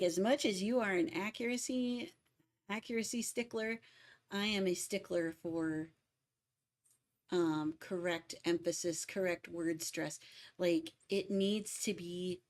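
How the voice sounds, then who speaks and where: A young adult woman chatting casually and emphatically on a music livestream. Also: fairly low pitch. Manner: opinionated, emphatic about word stress. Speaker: music cover artist streaming.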